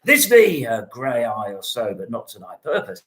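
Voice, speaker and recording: A man's voice: medium pitch, big pitch swings, moderate pace, fairly bright tone, voice pushed down. A man playing a witty, mocking young nobleman in a solo Shakespeare reading, with a theatrical delivery. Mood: teasing. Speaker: solo stage performer.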